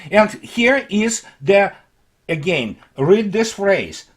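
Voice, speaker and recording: Male commentator, higher-pitched voice, sarcastic and mocking, halting delivery with frequent fillers, solo monologue. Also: sing-song. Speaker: political commentator.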